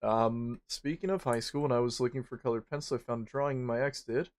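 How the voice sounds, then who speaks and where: A young man talks loosely over his game stream in a voice of middling pitch. He rambles from story to story and swears at every turn, and he livens up whenever he retells something that happened. It sounds like relaxed streaming chat. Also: fairly quick. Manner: rambling, crude, swears constantly; animated when retelling stories. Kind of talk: casual chat while gaming.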